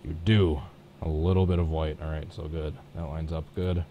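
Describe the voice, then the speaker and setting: His pitch is extremely low and his tone level as he streams live, thinking aloud at a moderate pace while painting a race truck on his computer. He chats casually, teasing himself along the way; the sound is phone-quality with a little hiss or hum.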